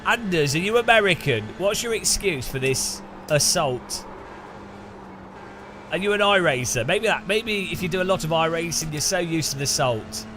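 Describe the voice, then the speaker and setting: A man's voice: a little high, expressive, normal speed, background noise. A British man streaming a racing game, chatting and joking with his viewers. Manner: joking, teasing chat. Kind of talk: casual gaming commentary. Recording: music playing under voice.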